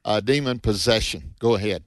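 A man with a Southern US accent hosting a call-in Bible radio show, homespun and halting, sometimes slow and deliberate. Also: lowish voice, no room sound, clean studio sound. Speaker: radio host.

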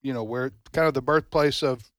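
A man's voice: medium pitch, fairly quick, a bit bright, no room sound. Teasing male radio co-host, dry. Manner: chatty and teasing. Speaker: radio talk show co-host. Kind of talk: casual on-air banter. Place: radio studio. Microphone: studio microphone.

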